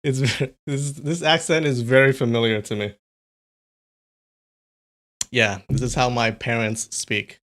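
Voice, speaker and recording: A man's voice: medium pitch, steady tone, a little slow, pauses often, fairly bright tone, slight background noise. A man hosting a casual livestream, chatty and thinking aloud, laughing often. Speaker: streamer.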